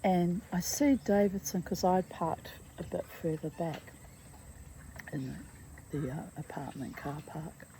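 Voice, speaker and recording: Slow, low-voiced woman recounting her past. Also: warm tone, a little hiss or hum, low-quality recording. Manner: reflective, halting, with frequent asides. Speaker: memoir author reading her own chapter. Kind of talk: personal storytelling read aloud.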